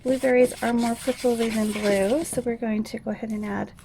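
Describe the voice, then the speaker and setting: A woman hosting a chatty step-by-step craft tutorial at home at night, talking softly and half-whispering because others are asleep, with easygoing asides as she works. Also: fairly high pitch, fairly even intonation, moderate pace, vocal fry. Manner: hushed, half-whispered while others sleep. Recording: noisy home recording with clicks.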